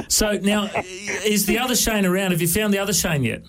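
A man's voice: high voice, lively intonation, a little slow, very noisy. A man with an Australian accent, a chatty radio host who laughs often while interviewing a guest live.

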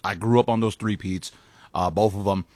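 A man from Chicago in a casual sports talk, speaking in a quick, chatty way while eating. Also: on the low side, steady tone, darkish tone, no room sound.

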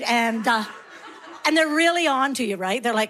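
A middle-aged woman tells stand-up stories on a stage, her voice sitting high. She talks in an animated way and acts out the people in her stories with voices of their own. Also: moderate pace, slight background noise. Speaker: stand-up comedian. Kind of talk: stand-up comedy routine. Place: stage before a laughing audience.

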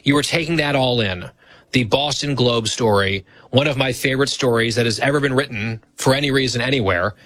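A man hosting a radio talk show, teasing his co-host in casual banter with dry, deadpan ribbing. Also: mid-range voice, fairly quick, dry recording.

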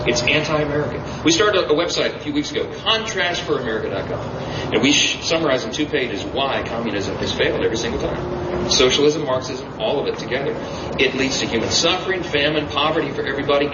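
A man giving an emphatic campaign stump speech at an event, often restarting and repeating phrases. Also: mid-range voice. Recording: echoey, distant, muffled, with background noise.

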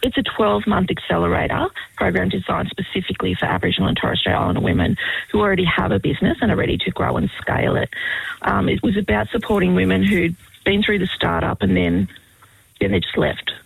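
Guest: woman program lead, deep fry and breathy rasp, earnest explainer. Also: animated, fast talker, no room sound, low-quality recording. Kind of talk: radio interview.

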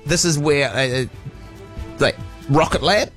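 A man's voice: fairly high pitch, unhurried, a bit bright, faint music behind. A man with a New Zealand accent hosting a radio show, joking in a rambling way with fillers. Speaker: radio host. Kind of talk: casual radio banter.

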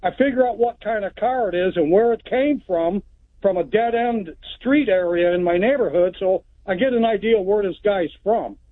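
A man's voice: high-pitched, normal speed, no echo. A man from Texas calling in to a radio show, telling a story in a plain-spoken, rambling way. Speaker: caller. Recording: tinny phone line.

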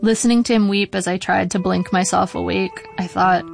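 A middle-aged woman reading her own memoir aloud in a measured, wry way. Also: medium pitch, fairly even intonation, creaky, faint music behind. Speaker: narrator.

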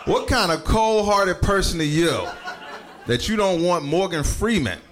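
A man's voice: high-pitched, lively intonation, a little slow, over music. A man doing a casual stand-up set, talking straight to the audience in a loose, profane way. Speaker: stand-up comedian.

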